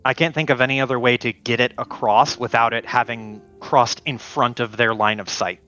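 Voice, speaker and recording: Bright-voiced man brainstorming plans. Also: medium pitch, steady tone, moderate pace, lo-fi sound, faint music behind. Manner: brainstorming, thinking aloud. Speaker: tabletop game player. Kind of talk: casual tabletop game chat.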